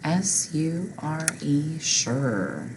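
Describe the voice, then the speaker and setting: A woman's voice: low-pitched, animated, very slow, noisy background. A woman teaching a phonics lesson, patiently reading word lists and spelling words out, asking listeners to repeat after her.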